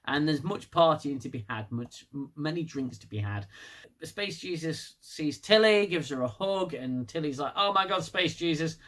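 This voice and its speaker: A man's voice: on the high side, lively intonation, moderate pace. A man giving a casual, sarcastic, sweary solo review of a TV episode.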